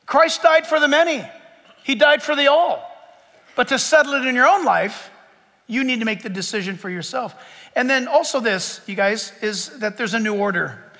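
A man preaches to his congregation in a sharp, forceful voice that sits very high. He jumps between plain teaching and acted-out bits of imagined talk. Long reverb rings from the church hall around him. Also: normal speed. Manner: animated preaching, acts out voices of listeners. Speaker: pastor. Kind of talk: sermon. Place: church sanctuary before a congregation.

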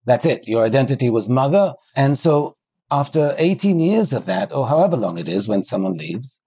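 Husky man explaining calmly, dry sound. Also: mid-range voice, moderate pace, muffled recording. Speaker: psychologist guest. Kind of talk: interview explanation.

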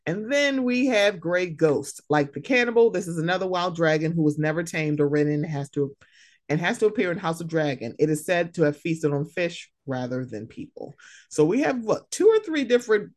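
Casual co-host, woman, lowish voice, swings widely in pitch, profane and animated. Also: moderate pace. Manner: animated, profane, laughing, acts out quotes. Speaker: podcast co-host. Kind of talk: casual chat.

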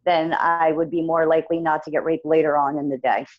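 A woman guest recounts something painful that happened to her, speaking haltingly and leaning on fillers. Her voice sits fairly low. The recording is dry with slightly muffled highs. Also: little pitch movement, no room sound. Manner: halting, many fillers like "you know" and "like". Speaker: guest sharing her own experience. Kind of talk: emotional personal account in conversation.

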